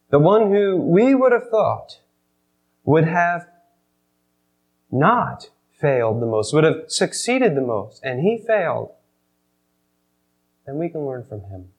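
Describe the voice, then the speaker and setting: Dramatic male preacher, high-pitched. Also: poor audio. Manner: dramatic retelling, swinging from loud emphasis to hushed. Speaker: pastor. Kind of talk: sermon.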